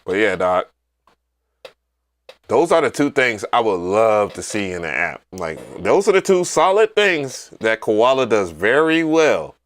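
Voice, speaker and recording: A man hosting a casual livestream, telling stories in an animated, profane way with loud excited outbursts. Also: on the low side, measured pace. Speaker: livestream host.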